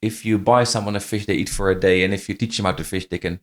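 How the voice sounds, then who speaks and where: A middle-aged non-native English speaker with a faint Irish-tinged accent tells stories as a podcast guest, a franchise CEO in a casual interview. His fairly low voice stays fairly even and moves fast, and he often restarts and repeats phrases.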